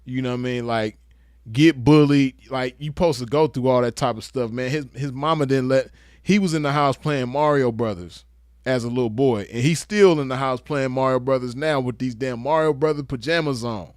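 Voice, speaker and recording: A man's voice: medium pitch, moderate pace, no room sound, studio quality. A man giving a casual commentary rant, crude, emphatic and lecturing. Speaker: online commentator.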